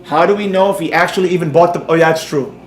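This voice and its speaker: Male livestream trading instructor, mocking and animated, fairly high voice, roomy echo. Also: fast. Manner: mocking, animated, mock-soothing at times. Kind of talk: livestream class banter.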